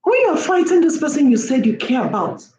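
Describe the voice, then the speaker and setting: A woman's voice: high-pitched, very animated, a little fast, darkish tone. A woman giving an impassioned opinion monologue, lecturing with repeated rhetorical questions. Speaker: vlogger. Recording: roomy echo, faint background hum.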